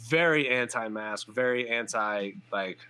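A man's voice: mid-range voice, unhurried, pushed and bright, clear, resonant tone. A man co-hosting a podcast, chatting casually and trailing off with fillers. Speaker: podcast co-host. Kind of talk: casual chat.

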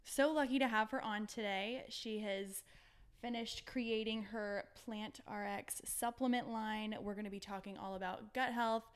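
A woman's voice: medium pitch, steady tone, a little slow, smooth. A woman hosting a podcast, talking to listeners in an upbeat, chatty way, recorded at home. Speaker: podcast host. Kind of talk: casual podcast chat. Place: home, seated on the floor.

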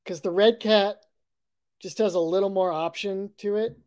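A man co-hosting a football podcast, talking through plays in a measured, analytical way. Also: high-pitched, fairly even intonation, a little mellow, clean tone. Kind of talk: casual sports talk.

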